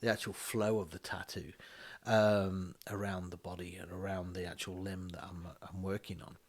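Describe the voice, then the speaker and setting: Man, fairly low voice, tattoo artist, lively chatty storyteller who acts out the dialogue. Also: normal speed. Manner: animated, acts out quoted dialogue, frequent restarts. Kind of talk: casual storytelling chat. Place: podcast recorded on a bus.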